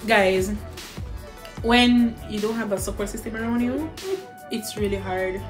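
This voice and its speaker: A woman's voice: mid-range voice, fairly even intonation, a little slow, music in the background. A young woman with a Jamaican accent, talking candidly and animatedly as a guest in a casual chat over a meal, slipping into patois.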